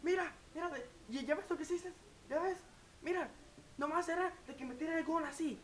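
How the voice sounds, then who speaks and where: A woman voicing a loud, angry Mexican parent who shouts insults at a soccer game on TV. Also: very high-pitched, fast talker, voice pushed up. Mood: yelling scolding.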